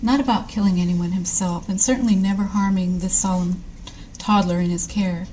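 A woman author introduces and reads her short story at a live event. Her voice is mellow and dark-toned. Her manner is wry and self-deprecating. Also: mid-range voice, steady tone, normal speed, slight background noise, rough recording. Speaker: author reading.

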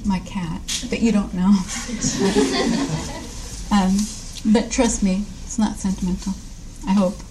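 A woman's voice: medium pitch, steady tone, slow pace, background noise. A woman author reading her short story aloud at a live event, wry and self-deprecating.

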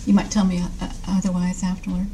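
A woman author introduces and reads her short story at a live event. Her voice is mellow and dark-toned. Her manner is wry and self-deprecating. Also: fairly low pitch, monotone, brisk, slight background noise, rough recording. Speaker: author reading.

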